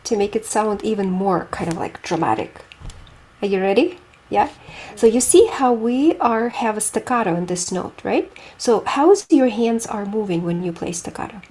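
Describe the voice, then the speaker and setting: A woman's voice: mid-range voice, expressive, moderate pace, darkish tone. A woman teaching a group piano lesson, explaining technique with images and asking students questions.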